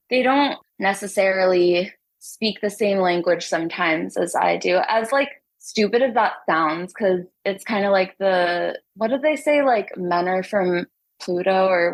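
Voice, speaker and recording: A woman's voice: medium pitch, gravelly, rough recording. A young woman from the United States chatting as a guest in an interview, upbeat and laughing often, a little out of breath. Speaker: singer and guest. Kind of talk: casual interview chat.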